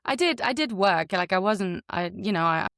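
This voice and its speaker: A woman's voice: medium pitch, moderate pace, no echo, studio quality. Woman with an unplaceable international accent. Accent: international hybrid. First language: German. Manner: lively, chatty, heavy use of "like". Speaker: voice actor guest. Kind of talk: podcast interview.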